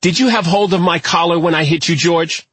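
A man voicing a defiant nine-year-old boy in an audiobook, with a husky, dry sound. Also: a little high, a little fast, fairly bright tone, dry recording, voice pushed up. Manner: cocky, defiant, rising to a yelp.

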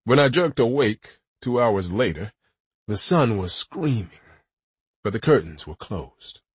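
A man's voice: lowish voice, lively intonation, unhurried, breathy edge, no room sound. A man narrating a gritty first-person audiobook with a wry storytelling manner.

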